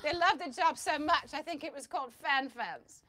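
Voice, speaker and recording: A woman's voice: high-pitched, normal speed, pushed and bright. A woman hosting a comedy talk show, chatty and playful, now and then mock-singing. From American. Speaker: show host.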